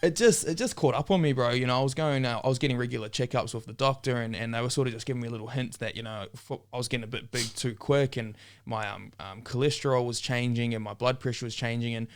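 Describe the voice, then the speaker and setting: A young man from New Zealand, a podcast guest in a relaxed casual chat, often saying "man" and "bro". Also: medium pitch, fast talker, hardly any pauses, clean tone. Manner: laid-back, says "man" and "bro" often.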